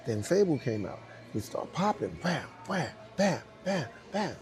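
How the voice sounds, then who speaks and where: Fairly high and a little mellow, this man's voice is very animated yet keeps a measured pace, with faint music in the background. A dancer guesting in an interview, he tells a story in a New York accent, mimicking voices and sounds while cursing and laughing.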